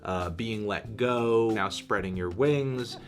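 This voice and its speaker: A man giving a music review in a dry, sarcastic, deadpan manner. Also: fairly low pitch, takes it slowly. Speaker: music critic. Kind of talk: review commentary.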